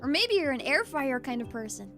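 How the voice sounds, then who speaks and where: A woman's voice: high-pitched, very animated, a little fast, fairly bright tone, soft background music. A woman streamer chatting casually with her viewers, bubbly and giggly, reading chat aloud.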